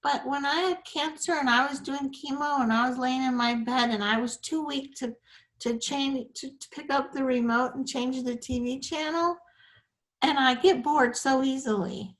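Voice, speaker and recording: High-voiced woman in her sixties, earnest. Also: normal speed. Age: 60s. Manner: earnest, animated storytelling with repeated words. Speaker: show host. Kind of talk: faith talk interview.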